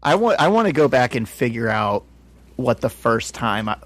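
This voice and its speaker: Relaxed, chatty male co-host. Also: mid-range voice, normal speed, no room sound. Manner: relaxed and chatty, laughs often, swears casually. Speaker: podcast co-host. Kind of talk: casual comic-book discussion.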